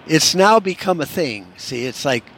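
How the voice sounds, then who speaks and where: A man's voice: a little high, animated, moderate pace, fairly bright tone. A man hosting a solo podcast, ranting in a profane, sarcastic way. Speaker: podcast host.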